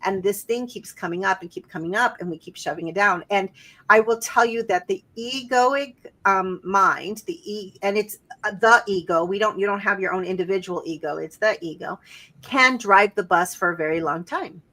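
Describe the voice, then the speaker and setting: Brief: woman co-host, bright, forceful voice, loose rambling chat. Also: mid-range voice, moderate pace. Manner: rambling, thinks aloud, tag questions. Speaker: podcast co-host. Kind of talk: casual chat.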